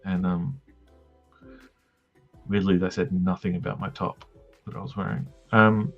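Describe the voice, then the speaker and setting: An Australian man hosts a drawing livestream where he draws comics, chatting casually in a joking, meandering way with plenty of ums and tangents. His voice is deep and flat, a little slow, with vocal fry, and faint music plays behind him. The livestream audio is dull and lo-fi.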